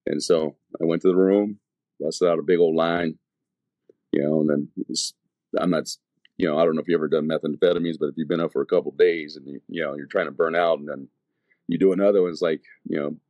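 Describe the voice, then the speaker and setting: Deep-voiced man telling his story loosely. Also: steady tone, fast, no room sound, muffled recording. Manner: storytelling, acting out past dialogue; loose, rambling, full of "you know". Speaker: evangelist telling his testimony. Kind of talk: casual spoken testimony.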